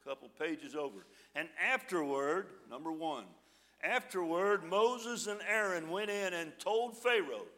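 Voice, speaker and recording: Pastor, male, folksy sermon delivery, high bright voice, scripture read with dramatic pauses. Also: animated.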